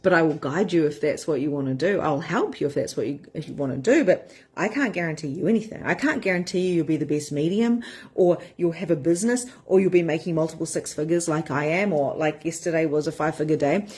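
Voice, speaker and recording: A woman's voice: low-pitched, fast talker, a little mellow, breathy edge. A woman in her thirties, a spiritual empowerment coach, talking frankly and with energy to her members, swearing casually. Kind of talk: casual live-stream talk to members.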